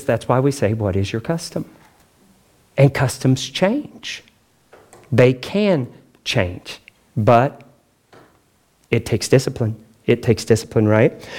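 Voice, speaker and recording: A man preaching a sermon as pastor, talking in a chatty, joking way and acting out quotes with big pitch swings. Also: darkish tone.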